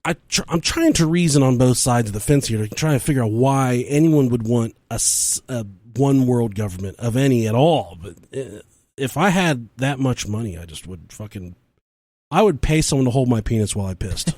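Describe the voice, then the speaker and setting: A man co-hosting a podcast, talking at an ordinary pitch. He tells a rambling, profane story and jumps into other people's voices. The sound is close and dry, with no room echo. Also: normal speed. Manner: profane, animated storyteller who acts out quotes. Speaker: podcast co-host. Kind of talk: casual podcast chat, storytelling.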